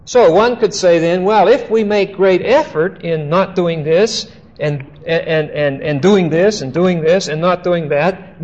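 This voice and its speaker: A man's voice: high voice, unhurried, hardly any pauses, a little mellow. An older man teaching through a Bible passage verse by verse, conversational, often checking in with "okay?" and telling stories. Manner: conversational, frequent "okay?" check-ins, storytelling asides. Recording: dull lo-fi recording.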